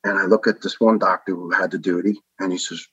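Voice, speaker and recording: A man's voice: low voice, quick pace, husky, no echo, highs cut off. An older man, a retired firefighter telling his story in a podcast interview and acting out the people he quotes. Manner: animated storyteller who acts out the people he quotes.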